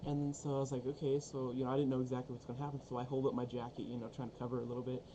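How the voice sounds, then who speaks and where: A man's voice: medium pitch, level tone, racing, dark tone, muffled recording, slight background noise. A young man telling a story casually on a vlog, profane and rambling, full of fillers and swearing.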